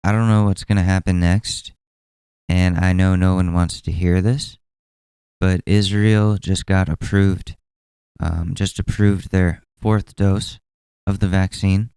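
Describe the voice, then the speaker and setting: Mellow-voiced young man ranting casually. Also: low voice, steady tone, takes it slowly, clear, resonant tone, no echo. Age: 20s. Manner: rambling, exasperated, profane. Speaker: podcast host. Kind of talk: casual solo commentary.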